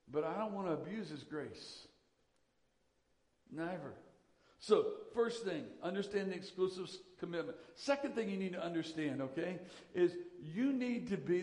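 A man delivers a sermon in a fairly high voice, pressing his points and repeating key lines for emphasis. His voice rings through a hall with a long reverb tail. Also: darkish tone. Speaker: pastor.

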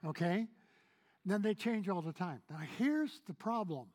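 High-voiced preacher, loud then hushed. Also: male voice, expressive, a little slow. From Kentucky. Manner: swings between loud emphatic lines and hushed, soft passages; conversational preaching, asks the congregation questions. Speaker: pastor. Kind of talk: sermon.

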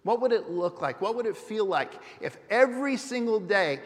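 A man's voice: high-pitched, animated, moderate pace, long reverb tail. A man preaching a sermon as pastor, earnest and often putting questions to his congregation. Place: church sanctuary.

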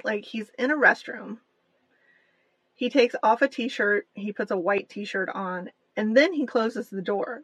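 A woman co-hosts a podcast in loose, chatty talk, often breaking into giggles. Her voice is husky and slightly breathy. The recording is dry and close. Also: mid-range voice, fairly bright tone, dry recording. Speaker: podcast co-host. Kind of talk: casual chat.

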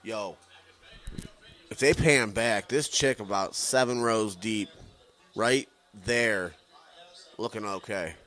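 A man's voice: lowish voice, takes it slowly, long pauses, fairly bright tone. A man co-hosting a podcast, heckling a wrestling broadcast with casual, profane, sarcastic put-downs. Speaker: podcast co-host. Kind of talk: casual profane watch-along commentary.

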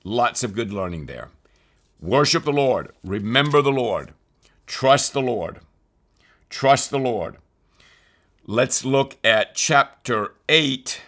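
A man's voice: medium pitch, expressive, takes it slowly, pauses often, fairly bright tone. An earnest man leading a weekly Bible study in a mid-range voice. He talks his listeners through scripture and repeats key phrases for emphasis. When he quotes a passage his voice rises with intensity. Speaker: Bible teacher.

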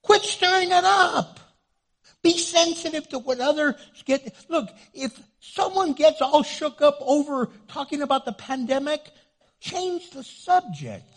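A man preaching a sermon as a pastor, from New Mexico, joking with the congregation and doing quick funny voices. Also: very high voice, expressive, fairly bright tone.

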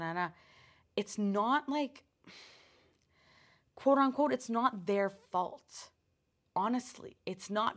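A woman hosting her own podcast, telling a personal story in a casual, animated way, with lots of swearing, fillers and restarts. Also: mid-range voice. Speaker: podcast host.

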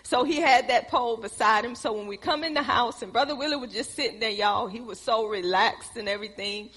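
A woman preaching a sermon, telling stories and building to excited emphasis. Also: a little high, brisk, slightly rough, big-room sound. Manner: storytelling, rising to excited emphasis.

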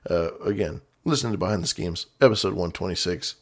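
A man's voice: sits low, a little fast. Playful male call-in show host. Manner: playful, mock-dramatic, repeats himself. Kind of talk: casual call-in show hosting.

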